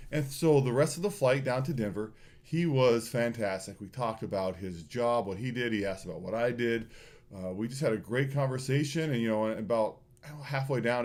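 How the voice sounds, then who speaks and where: Man telling a school story. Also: medium pitch. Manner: animated storyteller, lively with many fillers. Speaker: school speaker addressing students. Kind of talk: morning announcement storytelling.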